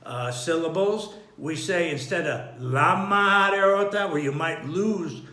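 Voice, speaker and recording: A man giving an unhurried Torah study lesson, thinking aloud with frequent restarts and throat-clearing. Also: a little high, animated, echoey room. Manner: clears his throat often. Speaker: Torah teacher.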